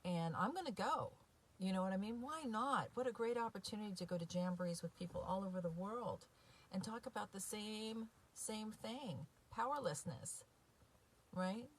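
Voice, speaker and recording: A woman's voice: medium pitch, animated, normal speed, a little hiss or hum. A woman recovery coach talking casually and from the heart to her viewers, with many fillers and frequent "right?" asides. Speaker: recovery coach and podcast host. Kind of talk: casual direct-to-viewer talk.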